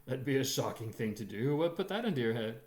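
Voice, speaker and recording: A man voicing a brusque but kindly young male priest who scolds gruffly and teases gently. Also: mid-range voice, lively intonation, quick pace, reverberant, natural voice. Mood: wry. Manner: gruff, stern scolding turning gently wry.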